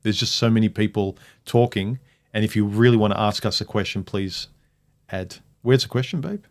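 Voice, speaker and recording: A man's voice: on the low side, moderate pace. A man hosting a casual livestream chat, reading viewer comments aloud and reacting to them. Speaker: livestream host.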